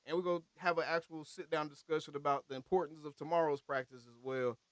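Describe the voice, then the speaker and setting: A man hosting a live call-in stream, talking casually in animated slang with loud exclamations. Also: a little high, quick pace, no room sound. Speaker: host of a fan channel live call-in show.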